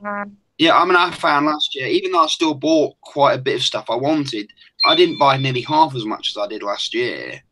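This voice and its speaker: A man's voice: fairly high pitch, expressive, moderate pace, background noise. A man in his late twenties, a stream guest in casual chat, talking in a hesitant, easygoing way. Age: 20s.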